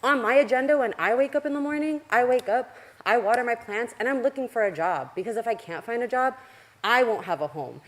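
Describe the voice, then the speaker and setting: A woman's voice: a little high, lively intonation, a little fast. An agitated woman giving a blunt, profane public comment at a council meeting, her heart racing with anger. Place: council chamber.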